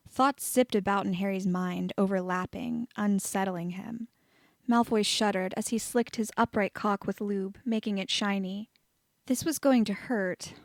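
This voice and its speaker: A woman reading fan fiction aloud in a steady, even narration. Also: medium pitch, no room sound. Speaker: audiobook reader of fan fiction.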